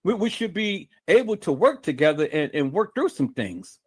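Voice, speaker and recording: Man, livestream host, fairly high voice, angry profane rant, repeats himself. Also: big pitch swings, normal speed, husky. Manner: profane, combative, repetitive stammering restarts. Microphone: streaming mic.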